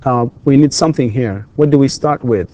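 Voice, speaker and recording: A male university English lecturer, a native Arabic speaker, patiently repeats questions for his students in a recorded lesson. His mid-range voice is mellow and fairly quick, and the recording sounds muffled.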